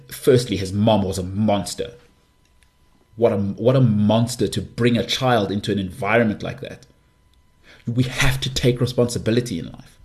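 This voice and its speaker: Forceful low-voiced male podcast host. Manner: forceful, repetitive emphasis. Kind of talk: impassioned monologue.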